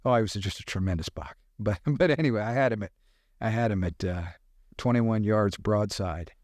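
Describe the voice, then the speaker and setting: A middle-aged man, a podcast guest, telling animated hunting stories with sound effects in casual talk. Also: on the low side, normal speed, no room sound, studio quality. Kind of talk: casual storytelling.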